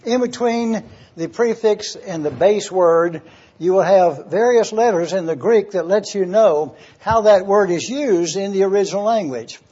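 A man teaches a sermon in a high, husky voice. He is emphatic and repeats his key points, spelling out terms letter by letter. The recording is dull and lo-fi. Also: measured pace, mellow. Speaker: Bible teacher. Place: church or classroom with overhead projector.

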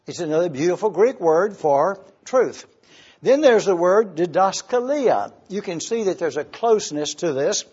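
A man preaching a sermon in a church, teaching slowly and emphatically and spelling out words for his congregation. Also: sits high, expressive, darkish tone, breathy edge, highs cut off. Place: church hall with a screen.

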